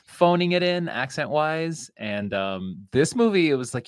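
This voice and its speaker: A man co-hosting a casual movie review podcast, relaxed and wry. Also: a little high, measured pace, clear, resonant tone, no room sound, studio quality. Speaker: podcast co-host.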